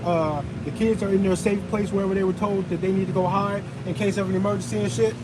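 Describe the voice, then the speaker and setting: A man's voice: high-pitched, steady tone, fast, background noise. A man ranting profanely on a livestream, outdoors in a parking lot. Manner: profane, heated ranting, conversational slang. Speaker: open carry vlogger.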